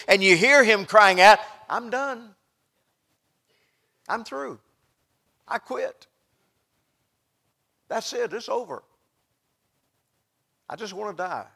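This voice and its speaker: Preaching a sermon, a middle-aged man speaks in a noticeably high voice. His passion pushes him into loud outbursts before he drops to hushed asides.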